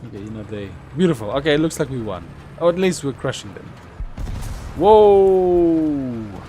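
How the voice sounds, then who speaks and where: Young man, game streamer, casual live commentary, animated pitch, sudden excited shouts. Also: quick pace, slight background noise. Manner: chatty, with sudden excited outbursts.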